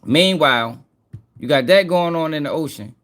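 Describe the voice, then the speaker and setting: Animated profane man reacting to clips. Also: on the high side, moderate pace. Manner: profane, excitable, talks to viewers directly. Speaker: news commentary host. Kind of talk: casual reaction commentary.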